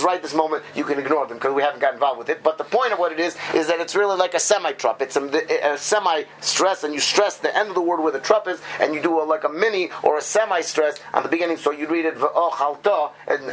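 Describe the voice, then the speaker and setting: A man's voice: a little high, fairly bright tone, rough recording. A man teaching a small group how to read and stress words in prayer texts, explaining step by step and often stopping to restart his sentences. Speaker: Hebrew reading teacher. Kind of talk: informal lesson to a small group.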